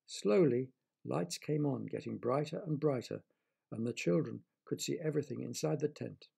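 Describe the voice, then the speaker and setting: A man reading a children's story aloud, gently stopping to explain things to young listeners. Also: medium pitch, normal speed, creaky, breathy edge.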